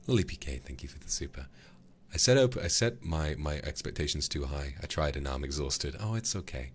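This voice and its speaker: Deep-voiced British male streamer. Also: fairly quick. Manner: profane, joking, animated. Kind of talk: live gaming commentary.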